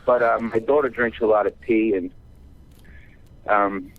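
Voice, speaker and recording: A man calling in to a podcast, chatting in an easygoing, slightly halting way. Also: fairly low pitch, fairly even intonation, dry recording. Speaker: caller. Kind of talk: casual phone chat. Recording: tinny dry phone line.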